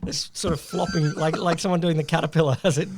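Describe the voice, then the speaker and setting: A man's voice: a little high, steady tone, fast, a little hiss or hum. A middle-aged man co-hosting a casual comedic science podcast, playfully riffing and joking along. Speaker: podcast co-host.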